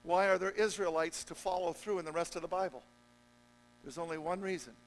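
A man preaching a sermon as pastor, joking with the congregation and swinging between loud emphatic peaks and low, quiet stretches. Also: a little fast, low-quality recording. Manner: jokey, conversational asides to the congregation.

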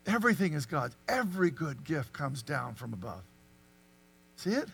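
A man preaching a sermon, animated and full of rhetorical questions to the congregation. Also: fairly high pitch, moderate pace, vocal fry, slight background noise. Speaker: pastor.

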